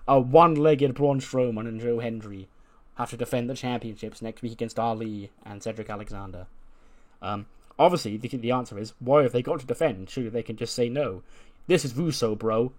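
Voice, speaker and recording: Casual swearing man recapping. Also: medium pitch. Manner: swears freely and reads out characters' lines in quick retelling. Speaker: podcast host recapping a wrestling game playthrough. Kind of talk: casual chat.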